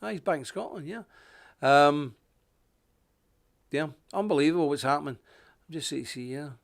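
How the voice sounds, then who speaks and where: A gravelly, slightly high voice with lively intonation and a moderate pace belongs to a middle-aged Northern Irish host. Coughing now and then, he rambles indignantly through his live online commentary, greeting viewers and reading from a paper.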